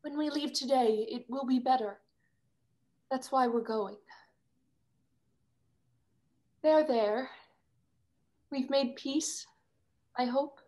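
A woman's voice: high voice, slow, pauses often, darkish tone. A young actress playing a proud, theatrical stage-star mother whose grand scolding turns tender, performed over a video call. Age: young adult. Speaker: student actor.

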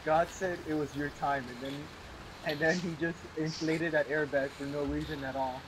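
A man's voice: a little high, steady tone, normal speed, background noise. A man chatting casually while playing a game with friends, joking with playful comebacks. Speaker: gaming co-player. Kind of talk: casual gaming chat.

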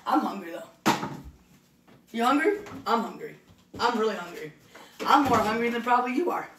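A woman's voice: on the high side, animated, normal speed, background noise. A woman talking casually on a live stream, defensive and repeating herself insistently.

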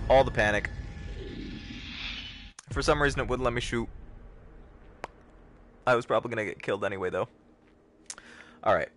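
Soft music plays behind this livestream, where a young man on the low side talks at a moderate pace with long pauses. He jokes his way through the gameplay in a lively, casual manner, chats with viewers, and lets out a yelp when startled.

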